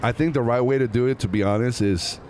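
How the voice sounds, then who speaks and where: A comedian in his thirties telling stories in casual chat, animated and rambling, laughing at himself and swearing freely. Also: mid-range voice, fast talker, a little hiss or hum. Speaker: comedian guest. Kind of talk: casual storytelling. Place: outdoors on a busy city boulevard.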